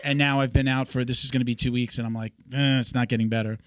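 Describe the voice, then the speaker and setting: A man in his forties, a podcast host and coach, talking in a relaxed, rambling and self-deprecating way. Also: mid-range voice, fast, clear, resonant tone, no echo, clean studio sound. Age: 40s. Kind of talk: casual podcast conversation.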